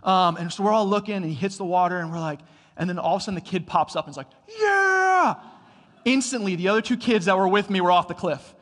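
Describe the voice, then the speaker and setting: A man preaching a sermon, telling a story that swells to loud bursts and falls back to quiet, slow emphasis. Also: sits high. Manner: storytelling, builds to loud excited bursts then drops quiet. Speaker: pastor. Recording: long hall reverb.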